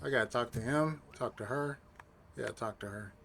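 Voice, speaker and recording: A man's voice: medium pitch, normal speed, creaky, fairly bright tone, soft background music. A man hosting a video game walkthrough, chatting casually in a laid-back, rambling way with lots of fillers. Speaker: gaming channel host. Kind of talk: casual gameplay commentary.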